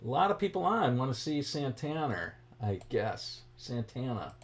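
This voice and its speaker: A middle-aged man with a light Boston accent, talking at a medium pitch. He chats easily as he hosts a guitar livestream, with relaxed asides as he greets each viewer by name. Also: normal speed. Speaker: guitar teacher hosting a livestream. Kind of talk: casual livestream chat.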